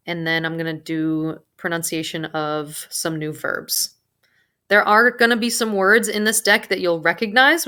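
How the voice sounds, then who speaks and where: A woman teaching a recorded Spanish vocabulary lesson, pronouncing each word slowly and carefully with casual asides. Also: fairly low pitch, sharp tone.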